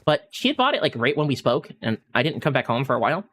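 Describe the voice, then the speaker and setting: A male streamer spins a funny anecdote in an easy, chatty way. His pitch swings high and low as he tells it. He keeps slipping into bursts of laughter. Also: quick pace, a little hiss or hum. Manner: animated anecdote-telling, often breaking into laughter. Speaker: gaming streamer. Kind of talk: casual storytelling while streaming.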